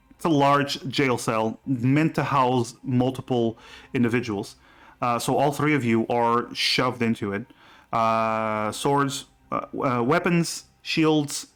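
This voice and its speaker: A man narrating a tabletop game as game master, halting with many restarts. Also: medium pitch, a bit bright, clear, resonant tone.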